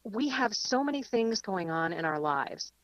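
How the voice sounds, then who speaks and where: A woman guest calling in to a radio show from her car, telling a lively story and laughing easily. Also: medium pitch, moderate pace, no room sound, muffled recording. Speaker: guest speaker. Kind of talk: live radio chat and reflection. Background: rain.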